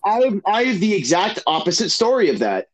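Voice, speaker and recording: A man's voice: high-pitched, sing-song, a little fast, a little hiss or hum, poor audio. A young man from Massachusetts, telling a story in casual chat, rambling and swearing freely, with many fillers and restarts.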